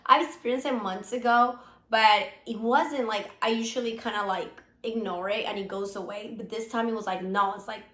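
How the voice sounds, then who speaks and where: A woman co-hosting a podcast in casual chat, still sick with a hoarse voice, rambling with many fillers. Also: fairly high pitch, fairly even intonation, normal speed, a bit bright, echoey room. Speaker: podcast co-host.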